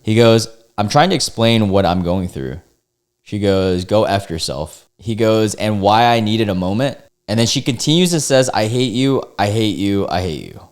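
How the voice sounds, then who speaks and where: Young man, lowish voice, casual reaction commentary, reading posts aloud, blunt, exasperated, swears a lot. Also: animated, moderate pace. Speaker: online video host reading forum posts.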